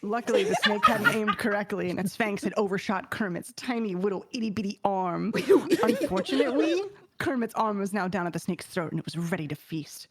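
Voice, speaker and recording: A woman's voice: mid-range voice, expressive, a little fast, few pauses, slight background noise. A woman streamer reading fan fiction aloud to friends, narrating with mock seriousness. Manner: reads with mock seriousness, breaking into laughter.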